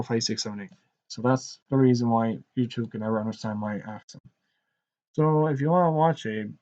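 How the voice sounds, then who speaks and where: A man with a rural Irish accent, rambling conversationally as he streams his commentary straight to his viewers. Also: medium pitch. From Ireland. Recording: dull lo-fi live stream audio.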